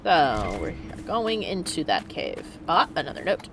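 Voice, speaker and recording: A woman's voice: sits low, huge pitch swings, unhurried, vocal fry, hardly any pauses, a bit bright, a little hiss or hum. A woman streamer chatting casually while playing a game, laughing often and reading in-game notes aloud. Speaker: let's play streamer. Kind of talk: casual gameplay commentary.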